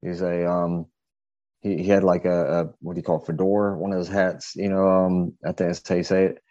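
Man, podcast guest, low and mellow, rambling anecdote, dry dull sound. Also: level tone, a little fast, dry recording. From southeastern United States. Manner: rambling, hesitant, many fillers and restarts. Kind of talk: casual storytelling.

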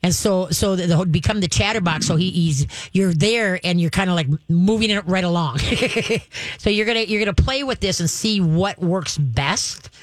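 A dog trainer giving chatty, coaching advice to a caller on a call-in show, with a quick laugh now and then. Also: medium pitch, no room sound.

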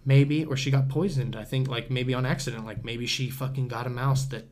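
It sounds like a story shared with a friend: a young man guesting on a casual podcast, speaking a little fast in a mid-pitched, everyday voice. He drifts off and circles back, leans on "dude" and "bro" in most sentences, and curses without thinking about it.

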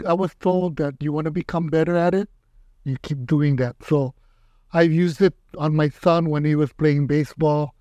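Older male aikido teacher, animated anecdotes, dull dry recording. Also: fairly high pitch, no echo. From Hawaii. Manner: animated, acts out quotes in raised voice. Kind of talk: casual storytelling interview.

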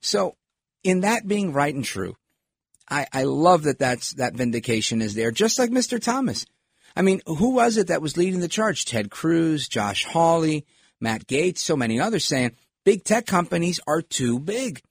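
A man's voice: a little high, very animated, normal speed, gravelly, slightly rough, dry recording, clean studio sound. A middle-aged man hosting a talk show, giving rambling, opinionated political commentary with lots of digressions.

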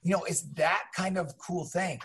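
A middle-aged man telling casual stories as an interview guest, animated and acting out other people's voices. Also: high voice, normal speed, noisy background. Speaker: guest, teacher and minor league mascot. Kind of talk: casual storytelling.

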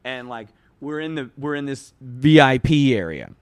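A man in his thirties spins a rambling, animated story on a podcast, his voice sitting at a mid pitch. He stacks up fillers and restarts, then jumps into louder voices for the people he quotes. The sound is dry and close, with no room echo. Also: moderate pace, smooth. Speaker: podcast guest. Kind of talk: casual storytelling.

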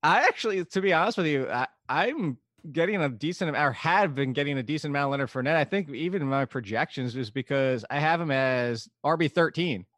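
Slightly high-voiced man, dry sound. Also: expressive, fairly quick, few pauses, fairly bright tone, dry recording. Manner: analytical, long explanations, laughs easily. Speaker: podcast co-host. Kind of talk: casual sports talk.

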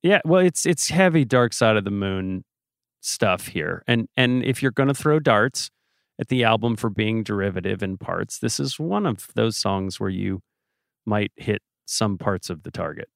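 A man's voice: fairly low pitch, expressive, unhurried, vocal fry, no room sound, studio quality. A man co-hosting a podcast, talking through songs in an easygoing, thoughtful way and asking questions. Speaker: podcast co-host. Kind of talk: casual music discussion.

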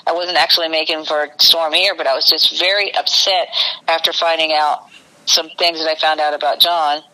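Bright-voiced woman telling a rambling story. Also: sits low, level tone, brisk, poor audio. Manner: rambling, breathless personal storytelling. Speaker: guest. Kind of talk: casual interview storytelling.

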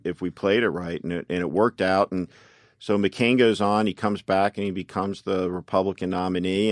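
A man's voice: low-pitched, dry recording, studio quality. A man, a political campaign strategist, telling anecdotes in an interview, often quoting others and saying "you know.". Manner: anecdotal, quotes people at length, frequent "you know". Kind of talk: interview storytelling.

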